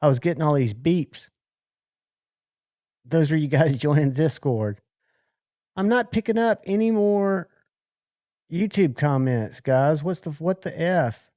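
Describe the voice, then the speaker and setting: Male streamer host, slow unhurried delivery, dark mellow tone, casual viewer chat. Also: a little high, lively intonation, no echo, highs cut off. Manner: chatty, thanks viewers by name. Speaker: livestream host.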